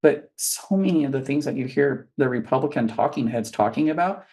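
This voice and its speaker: A man's voice: mid-range voice, animated, brisk, a little mellow. A man who is a guest on a political talk show and campaigns for office, speaking earnestly and building his points through repetition like a stump speech.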